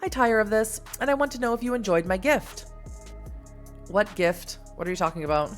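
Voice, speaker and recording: A woman's voice: medium pitch, expressive, a little fast, soft background music, pitched above the performer's own voice, lightly acted. A woman voicing an ancient, disdainful fairy woman who speaks in a formal, haughty way. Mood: lofty.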